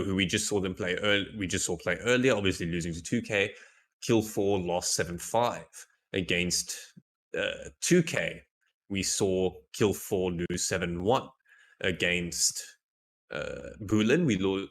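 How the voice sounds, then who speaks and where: A man's voice: low voice, a bit bright. A man casting a live esports match, chatty and playful, restarting his phrases, tired after a long day. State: tired, yawning. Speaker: esports caster.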